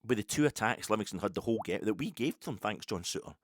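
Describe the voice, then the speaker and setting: Scottish male podcast host, middle-aged, quick lively rant with swearing, dry close sound. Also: fairly low pitch, dry recording. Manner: animated, rambling, swearing. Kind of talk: solo fan podcast rant.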